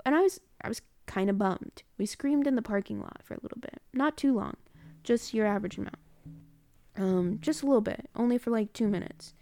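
A woman's voice: on the high side, fairly quick, warm tone, dry recording. A woman telling a story in a casual audio diary, rambling and correcting herself as she goes. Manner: rambling, chatty, corrects herself mid-sentence. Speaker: student recording a personal audio diary.

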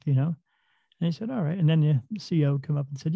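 A man's voice: on the high side, fast, creaky, husky, no echo, muffled recording. A man talking casually and earnestly, telling a story from his work and giving plain-spoken advice with the odd swear word.

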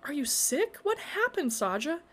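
A woman's voice: high-pitched, very animated, a little slow, voice pushed up. A woman voicing a worried, practical young woman in a storybook, with urgent and emphatic delivery. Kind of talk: storybook character voice.

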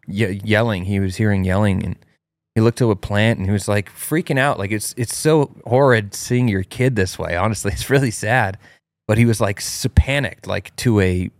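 Low-voiced man telling a story, animated. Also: no echo. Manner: animated, acts out his child's cries in a high voice. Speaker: host. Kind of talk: casual storytelling chat.

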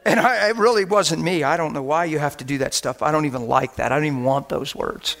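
Man preaching, animated storyteller, fairly high voice, laughs and acts out scenes. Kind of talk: storytelling sermon.

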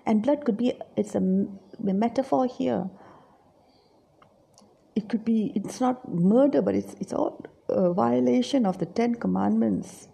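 A woman's voice: mid-range voice, vocal fry, dark tone, breathy edge. A middle-aged woman giving a reflective, confessional Bible teaching, acting out her own inner voice.

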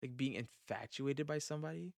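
Man, podcast host, mid pitch, loose rambling talk, swears freely, very dry close sound. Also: a little fast, gravelly, a little mellow, no echo. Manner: rambling, swears, trails off into fillers. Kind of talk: casual chat.

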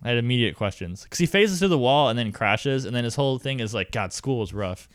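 A man's voice: mid-range voice, animated, quick pace, clear, resonant tone, no room sound. A man co-hosting a casual podcast, chatting and laughing as he recaps an episode and quotes the characters. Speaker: podcast co-host.

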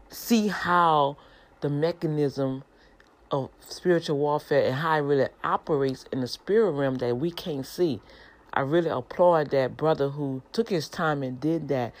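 A middle-aged woman preaching informally, telling a lively testimony with quoted dialogue in a manner. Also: deep voice. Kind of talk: informal sermon to an online audience.

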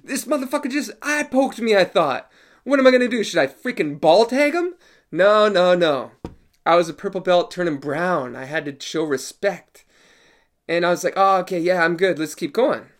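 Host, male, high voice, lively casual storyteller with profanity and sound effects. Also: moderate pace. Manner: animated, profane, acts out quotes and sound effects. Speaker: show host.

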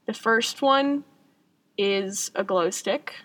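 A young woman co-hosting a podcast, chatting casually, joking often and dropping quick asides. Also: mid-range voice, fairly bright tone. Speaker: podcast co-host. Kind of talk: casual chat. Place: booked room that closes for the night.

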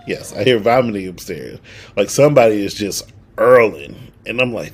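With a husky mid-range voice at normal speed, this twenty-something podcast co-host swears freely as he animatedly tells a story, performing what everyone said in casual chat.

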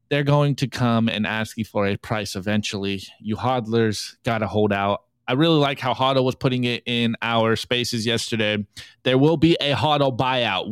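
A man's voice: mid-range voice, clear, resonant tone, no echo. A man co-hosting a live podcast, running a casual meme review and joking as he reads the memes aloud. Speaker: podcast co-host.

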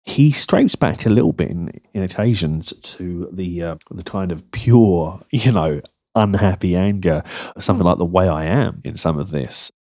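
A man co-hosting a podcast, giving measured, thoughtful critique with a few fillers. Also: deep voice, a little mellow, no room sound, studio quality. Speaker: podcast co-host. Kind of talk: analytical music discussion.

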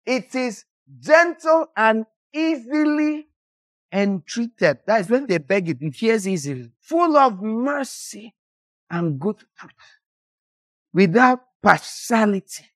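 Fiery, scolding preacher with a lively voice. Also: medium pitch, slow pace, dry recording. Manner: impassioned, scolding, with sudden shouted bursts. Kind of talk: sermon.

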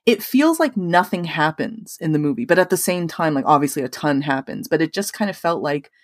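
A woman's voice: low-pitched, sing-song, fairly quick, no echo. Chatty woman podcast host, dry sound. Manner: chatty, lots of "like" fillers. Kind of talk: casual chat.

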